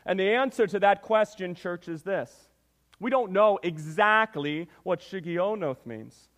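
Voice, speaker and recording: A man serving as pastor delivers a sermon in a church sanctuary, reading scripture and leading prayer. His voice sits high for a man, and he preaches with emphasis, often calling out to the congregation. A long reverb from the hall lingers behind every phrase. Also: expressive, unhurried, a bit bright.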